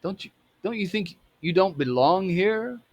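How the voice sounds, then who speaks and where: A man's voice: sits high, animated, measured pace, no echo, pitched above the performer's own voice, exaggerated voice. A man voicing a sarcastic young man taunting a nervous teenager, with a mocking drawl. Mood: menacing.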